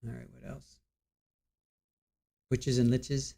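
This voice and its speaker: A man's voice: medium pitch, flat delivery, slow, gravelly, dark tone. A man in his forties hosting a casual livestream, rambling, stumbling over words and reading viewer comments aloud. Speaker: livestream host.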